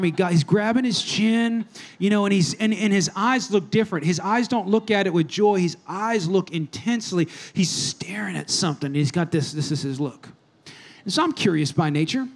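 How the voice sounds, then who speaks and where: A man preaching a sermon, telling a rambling, humorous story and calling out to the audience as he goes. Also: high-pitched. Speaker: pastor.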